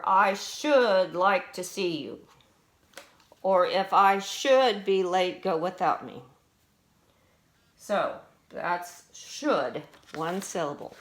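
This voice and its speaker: A woman's voice: mid-range voice, a bit bright. A middle-aged woman teacher patiently walking students through spelling words, asking them questions as she goes. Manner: slow, patient, explains and asks questions.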